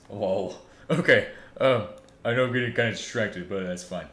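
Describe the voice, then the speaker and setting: A man's voice: fairly low pitch, fairly bright tone. A young man streaming casually, rambling, joking and swearing to himself as he works at a computer. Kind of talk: casual live-stream chatter while working. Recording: echoey room, faint background noise.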